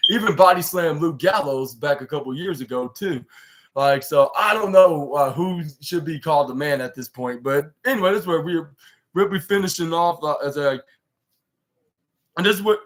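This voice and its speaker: A man's voice: fairly high pitch, moderate pace, a bit bright. Rambling man recapping wrestling. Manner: rambling with many fillers and restarts; paraphrases others in loose quotes. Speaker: podcast host recapping wrestling. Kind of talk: casual recap podcast.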